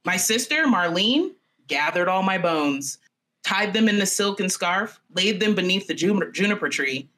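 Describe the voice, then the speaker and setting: A woman's voice: mid-range voice, lively intonation, normal speed, fairly bright tone, natural voice. A woman doing a boastful magic songbird. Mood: eerie, singsong. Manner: sing-song recitation. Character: small magical singing bird, boastful ghost of a boy.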